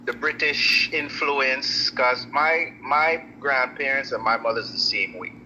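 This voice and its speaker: Man, caller, sharp bright tone, affirming. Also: mid-range voice, a little slow, slight background noise, rough recording. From Guyana. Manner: agreeable, affirming. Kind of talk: casual chat.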